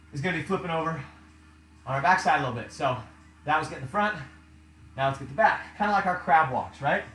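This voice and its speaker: A man's voice: fairly high pitch, sharp tone, echoey room, poor audio. A man coaching a home workout as he does it, counting reps aloud, out of breath, with upbeat cues. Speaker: fitness coach. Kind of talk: guiding a workout while doing it.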